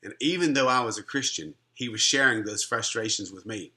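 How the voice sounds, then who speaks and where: Bright-voiced man telling an earnest story. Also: fairly low pitch, a little fast. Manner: earnest, conversational, many restarts. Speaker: Christian minister and life coach. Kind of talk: personal testimony storytelling.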